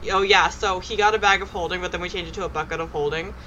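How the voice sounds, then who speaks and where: A woman in casual chat, giggling often and telling stories quickly. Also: lowish voice, fairly even intonation, bright, forceful tone, dull audio, slight background noise.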